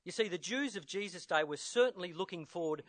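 A man preaching a sermon in an earnest, measured way, his voice sitting a little above the usual male range. He drives his points home by repeating key words and pauses now and then to restart a phrase. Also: high voice, expressive, a bit bright. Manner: earnest, measured, with emphatic repetition.

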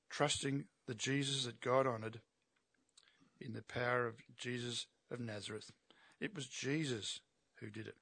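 A man's voice: medium pitch, gravelly, fairly bright tone, slightly rough, dry recording. A man preaching an expository sermon, emphatic and asking his listeners rhetorical questions.

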